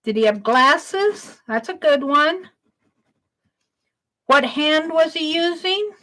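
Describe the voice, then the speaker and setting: A woman hosting an art livestream, slowly reading out her viewers' questions one by one and praising them as she writes them down. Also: sits high, lively intonation, sharp tone. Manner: slow, reads out each viewer question and praises it.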